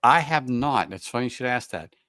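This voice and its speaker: A man hosting a live stream, chatting casually over a whiskey tasting on a video call, relaxed and stumbling into restarts. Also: mid-range voice, fairly quick, faint music behind.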